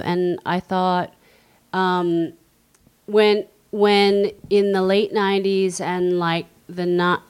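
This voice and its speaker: Slow, earnest woman. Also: lowish voice, darkish tone, clean tone. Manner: earnest, deliberate. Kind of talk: casual chat.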